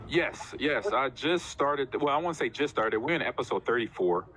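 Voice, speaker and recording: A man in his forties, a former professional football player, chatting casually as a guest and telling animated stories with acted-out quotes. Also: medium pitch, normal speed, slight background noise. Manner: animated storyteller, acts out quotes. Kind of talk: casual chat.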